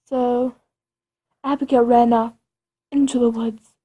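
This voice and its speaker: Slow, husky woman telling a spooky tale. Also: a little high, little pitch movement, dark tone. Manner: rambling, dramatic with creepy asides. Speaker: storyteller. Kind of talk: improvised spooky storytelling.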